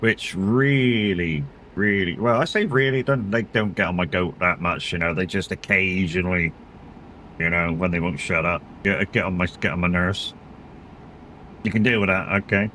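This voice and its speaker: A man's voice: deep voice, moderate pace, bright, forceful tone, slight background noise. A middle-aged man, chatting casually and rambling as he streams a driving game, swearing and laughing often. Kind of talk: casual chat while gaming.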